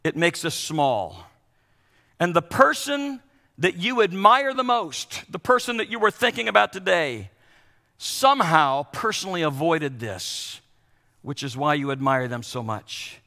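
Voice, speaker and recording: An older man preaches with a high, bright voice that carries, his words ringing out through a long hall reverb. He delivers the sermon with animated storytelling and slips into playful voices for the people he describes. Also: measured pace. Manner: animated, acts out kids' and others' voices. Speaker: pastor.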